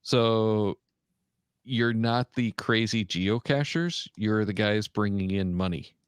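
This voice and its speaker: Low-voiced man, halting podcast host. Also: clean tone, no echo, studio quality. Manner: halting, many "uh" fillers while reading out a list. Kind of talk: casual podcast chat.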